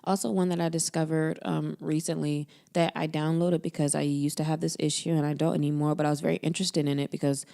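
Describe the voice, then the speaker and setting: A woman's voice: deep voice, little pitch movement, fast talker, vocal fry, few pauses, warm tone. A young woman co-hosting a podcast, casually chatting and often murmuring agreement. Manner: attentive listener, frequent murmured agreement. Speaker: podcast co-host. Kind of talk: casual chat.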